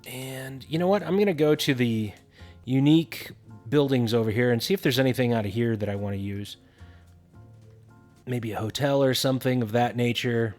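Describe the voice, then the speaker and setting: A man's voice: medium pitch, moderate pace, darkish tone, soft background music. A man casually narrating a building game tutorial, thinking aloud with frequent fillers.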